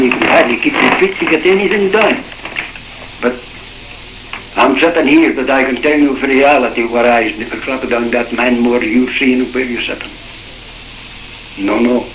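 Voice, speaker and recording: A man's voice: medium pitch, a bit bright, slight background noise. An older man with a Shetland accent recounting his memories in oral-history style, rambling in dialect with many restarts, on a roomy old cassette recording. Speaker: shipwreck survivor.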